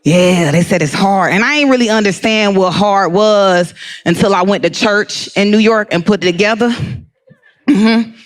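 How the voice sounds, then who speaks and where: A woman from Atlanta performing stand-up comedy, telling stories in an animated way, acting out voices and laughing often. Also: medium pitch, normal speed. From Atlanta, USA. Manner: animated storytelling, acts out voices, laughs a lot.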